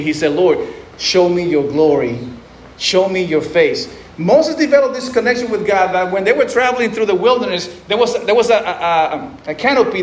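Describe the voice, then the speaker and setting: High-voiced man preaching in an echoey hall. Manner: conversational preaching with restarts and acted-out quotes. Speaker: pastor. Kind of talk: sermon. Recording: echoey room, faint noise.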